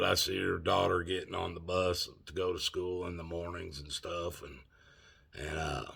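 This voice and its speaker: A man's voice: low-pitched, creaky, fairly bright tone, slightly rough. A man of sixty telling a story in a rambling, folksy way with loose grammar. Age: 60s. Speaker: vlogger. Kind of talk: casual storytelling.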